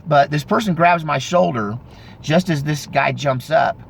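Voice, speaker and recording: A man in his fifties telling a story casually, in a rambling, animated way with frequent self-corrections. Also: on the high side, unhurried, gravelly, a little hiss or hum. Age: 50s. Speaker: vlogger.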